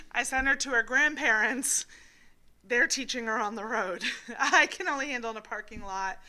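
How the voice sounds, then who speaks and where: A woman's voice: a little high, lively intonation, normal speed, sharp tone. A woman in her thirties co-hosting a casual chat, telling stories and laughing often. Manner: chatty storyteller, laughs often. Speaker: podcast co-host.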